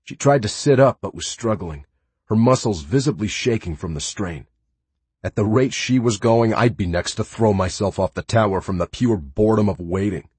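A man's voice: lowish voice, normal speed, darkish tone, husky, dry recording. A man giving first-person audiobook narration in a sarcastic, playful and brash manner.

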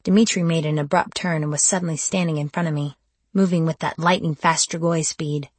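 A woman narrating a first-person novel in a measured, intimate way. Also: sits low, steady tone, a little mellow, breathy edge, no echo. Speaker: audiobook narrator.

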